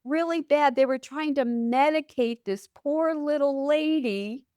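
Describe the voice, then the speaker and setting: A woman's voice: high-pitched, unhurried, darkish tone, no echo, studio quality. A middle-aged woman, a nurse hosting a podcast, asking questions and telling anecdotes from her nursing work. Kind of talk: conversational podcast interview.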